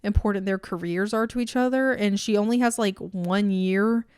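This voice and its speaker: A sarcastic young woman in her twenties rambles through a casual book review, swearing as she goes. Her voice is smooth and clean, recorded close and dry. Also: medium pitch, moderate pace, a little mellow, no room sound.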